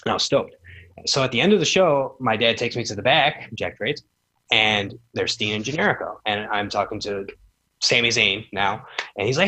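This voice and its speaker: A man's voice: lowish voice, lively intonation, normal speed, pushed and bright. A man in his thirties, a guest on a podcast, telling casual stories and acting out quoted dialogue in a raised voice. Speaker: podcast guest, former wrestling promoter. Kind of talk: casual storytelling chat.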